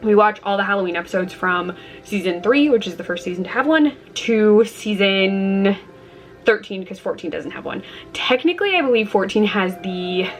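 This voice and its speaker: A chatty woman vlogging from her home kitchen at a middle pitch. She talks casually to the camera and jumps up into excited squeals when something delights her, and faint music plays underneath. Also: moderate pace.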